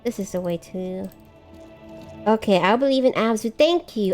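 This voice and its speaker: Streaming a video game live, a woman chats casually and exclaims as she mocks herself for getting lost. Her voice is a little high at a moderate pace, with faint music behind her.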